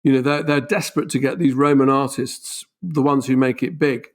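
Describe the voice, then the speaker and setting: A man's voice: mid-range voice, steady tone, moderate pace. A man, an author and podcast guest, explaining animatedly with emphatic rises on key points. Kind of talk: conversational explanation.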